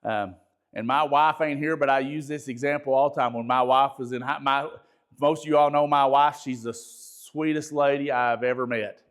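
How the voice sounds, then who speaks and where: A pastor giving a conversational training talk, folksy, repeating words and asking the audience questions. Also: male voice, medium pitch, steady tone, moderate pace.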